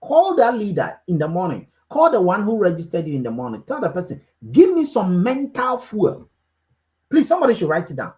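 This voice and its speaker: A woman leads a network marketing group call, delivering a preachy motivational speech that repeats key phrases for emphasis. Her voice is on the low side and dark, with wildly swooping pitch. She talks quickly with few pauses.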